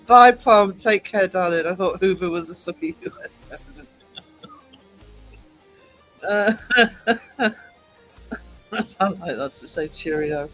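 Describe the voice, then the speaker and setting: A man's voice: high-pitched, takes it slowly, pauses often, a bit bright, faint music behind, poor audio. A man hosting a casual livestream chat, rambling between topics, chuckling often and reading viewers' comments aloud. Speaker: livestream host.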